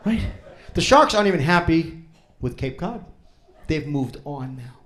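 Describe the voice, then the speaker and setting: A man's voice: a little high, lively intonation, unhurried, pauses often, background noise. A man doing a profane stand-up set, teasing the crowd in a comedy club. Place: comedy club before a live audience.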